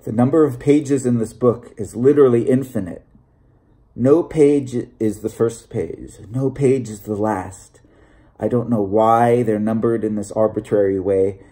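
Guy reading as a scottish bible seller, low murmur, mellow and dark, secretive storybook stranger. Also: lightly acted. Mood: musing. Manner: low hushed confiding voice. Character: Scottish Presbyterian bible peddler, older man, secretive. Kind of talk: audiobook reading.

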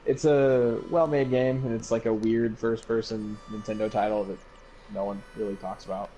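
A man co-hosting a casual gaming chat, laid-back, unhurried and profane. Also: fairly low pitch, fairly even intonation, mellow, lo-fi sound, slight background noise. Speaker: co-host.

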